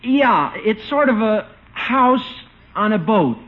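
A man's voice: sits high, lively intonation, takes it slowly. A man playing a polite, hesitant, naive young husband, in 1940s radio acting style. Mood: earnest. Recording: muffled old radio recording.

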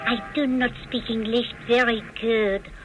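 An actress playing a woman who puts on a seductive French accent, coy and slow. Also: on the high side, little pitch movement, muffled recording, noisy background, close to an everyday voice. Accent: put-on French.

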